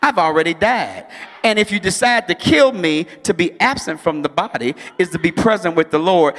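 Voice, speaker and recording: A man pastor preaching a sermon, rising to shouts at climaxes and dropping into casual storytelling asides. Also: sits high, animated, moderate pace, long reverb tail.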